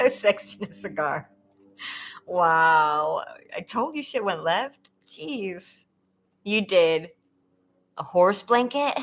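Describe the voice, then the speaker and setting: A woman's voice: medium pitch, fairly bright tone. Giggly woman hosting a trivia stream. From California. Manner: giggly, chatty, laughs often. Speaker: livestream trivia host. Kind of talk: casual livestream chat.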